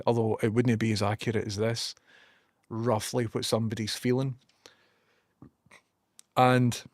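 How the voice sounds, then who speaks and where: A man's voice: mid-range voice, no room sound, studio quality. A young man with a Scottish accent, chatting casually on a live stream, answering viewers and musing aloud in a rambling, easygoing way with the odd swear word.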